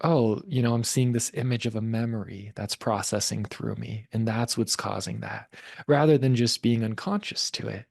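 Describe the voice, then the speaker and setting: A man teaching a live class on seeing energy, talking in a relaxed, conversational way with many fillers. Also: on the low side, gravelly, no echo, studio quality.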